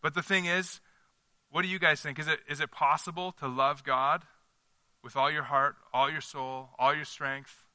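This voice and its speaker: A man's voice: a little high, fairly even intonation, moderate pace, bright, forceful tone, dry recording. A man leading a small-group Bible study in a conversational teaching style, putting questions to the group and checking in with them.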